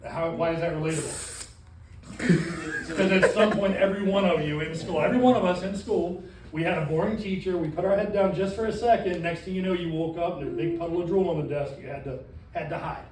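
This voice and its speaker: A man running a classroom training session as a sales trainer, talking in an animated way and tossing questions to the group. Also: high-pitched, a little fast, a little hiss or hum. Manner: animated, asks the room questions. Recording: echoey room from far off.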